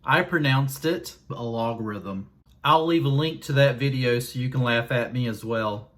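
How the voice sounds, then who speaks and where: A man's voice: mid-range voice, fairly even intonation, moderate pace, a bit bright. A man with a Southern US accent talking casually to his viewers in a vlog, folksy and self-deprecating, taking his time over each word. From Southern United States. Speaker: YouTuber.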